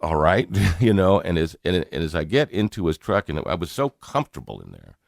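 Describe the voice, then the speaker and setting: Deep-voiced Southern man telling a story. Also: big pitch swings, vocal fry, no room sound, clean studio sound. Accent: North Carolina. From North Carolina. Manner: earnest, halting, repeats words, chuckles often. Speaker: radio show host. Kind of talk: personal storytelling on talk radio.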